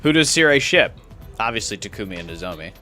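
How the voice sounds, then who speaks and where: Animated man, lively game commentary. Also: lowish voice, fast talker, faint music behind. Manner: casual and joking, muses aloud over the game's story. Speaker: game streamer. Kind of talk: let's play commentary.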